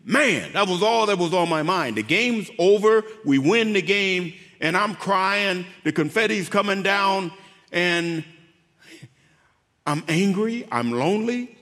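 Man, fairly high voice, halting and heartfelt, repeats words, long hall reverb. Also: lively intonation, fairly bright tone. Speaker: guest, former pro football player. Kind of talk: emotional faith testimony.

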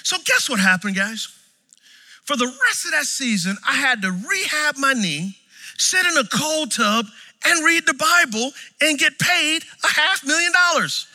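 Animated male preacher in a reverberant hall. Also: very high voice, a little slow. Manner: animated, storytelling, swings from shouts to quiet. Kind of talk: sermon.

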